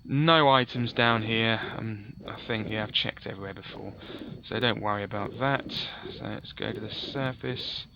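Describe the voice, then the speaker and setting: A man's voice: fairly low pitch, normal speed, vocal fry, hardly any pauses, dull audio, noisy background. A man giving chatty, offhand let's play commentary, often correcting himself. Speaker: gaming commentator.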